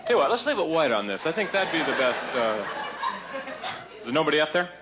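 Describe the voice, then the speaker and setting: A man doing a live stand-up act. His bits swing from deadpan asides to mock-exasperated outbursts. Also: fairly high pitch, fast talker, over loud music. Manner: mock-exasperated, rising to shouts. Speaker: stand-up comedian. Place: stage before a live audience. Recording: dull vintage live TV audio with crowd.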